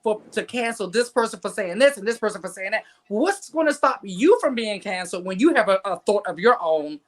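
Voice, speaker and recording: Opinionated female co-host, mid-pitched, rambling and restarting her points in casual talk. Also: lively intonation, brisk. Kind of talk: casual chat.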